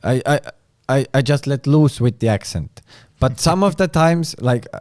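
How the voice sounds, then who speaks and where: A man, a comedian guest in casual podcast chat, halting and searching for words. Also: medium pitch, animated, darkish tone, dry recording, clean studio sound.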